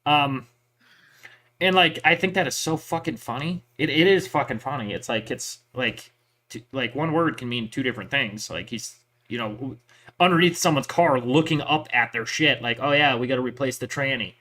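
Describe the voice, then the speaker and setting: A man's voice: mid-range voice, normal speed, bright, forceful tone. A man and army veteran telling stories in profane, rambling casual chat. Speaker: veteran chatting with a listener.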